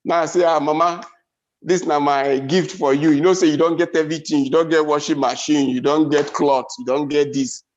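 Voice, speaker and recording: A man from Nigeria with a Nigerian Pidgin accent, telling stand-up comedy stories with animated swings in his delivery. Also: fairly quick, lo-fi sound. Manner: animated storytelling, big pitch swings.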